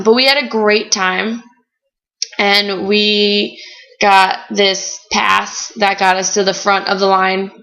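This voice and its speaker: Young woman vlogger, chatty storyteller, bright tone, dull lo-fi recording. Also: mid-range voice, creaky. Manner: chatty, animated storytelling with frequent "like". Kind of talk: casual chat.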